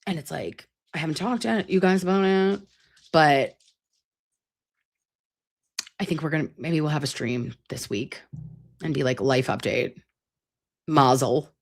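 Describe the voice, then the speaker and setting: A woman hosting a casual live stream, reading viewer comments aloud in an animated, expressive way and swearing freely. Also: sits low, measured pace, gravelly, pauses often.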